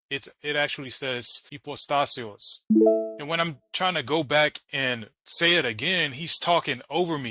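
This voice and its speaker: Bright, combative man explaining. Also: mid-range voice, no echo, poor audio. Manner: combative, mocking, explains letter by letter. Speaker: channel host reacting to a debate clip. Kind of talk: argumentative commentary.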